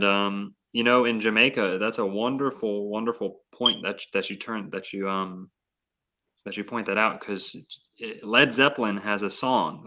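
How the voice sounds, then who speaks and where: A man's voice: fairly low pitch, sharp tone. A man telling rambling stories in a casual podcast chat. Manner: rambling, enthusiastic storyteller. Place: Florida.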